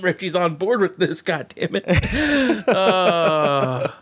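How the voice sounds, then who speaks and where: A man's voice: high voice, lively intonation, slow pace, a loud crowd. A man co-hosting a podcast, reacting with incredulous swearing and laughter. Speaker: podcast co-host. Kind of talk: casual chat.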